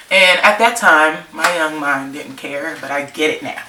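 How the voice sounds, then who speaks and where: A woman's voice: low voice, a little slow, few pauses, far from the mic. A young woman from California telling a rambling, slangy story as a vlogger, laughing often. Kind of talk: casual storytime chat. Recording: roomy, off-mic, faint noise.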